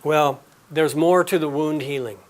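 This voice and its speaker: A man teaching a live class, explaining and telling stories in a relaxed, conversational way. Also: a little high, a little slow. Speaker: aromatherapy teacher.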